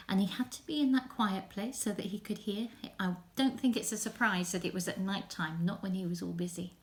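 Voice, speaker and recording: A woman leading a children's group, telling a story from home in an animated way that drops to whispers. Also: mid-range voice.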